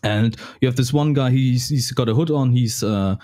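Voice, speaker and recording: A man's voice: mid-range voice, normal speed, mellow. A man with a German accent narrating a tabletop game as dungeon master, often restarting and repeating words.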